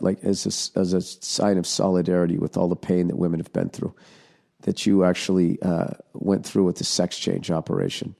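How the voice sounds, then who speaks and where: A man's voice: low-pitched, little pitch movement, brisk, vocal fry, darkish tone. A middle-aged man hosting a podcast, ranting sarcastically through a profane comedic monologue. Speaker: podcast host.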